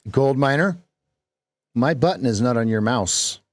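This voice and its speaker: A man's voice: medium pitch, lively intonation, measured pace, no room sound. A man hosting a live trading stream, talking in a casual, playful, jokey way with lots of emphasis.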